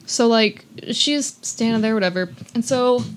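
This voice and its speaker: A woman's voice: a little high, measured pace, a little hiss or hum. A woman telling a story in a casual podcast chat, full of likes and restarts and acting out what people said. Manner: animated, many likes and restarts, acts out quotes.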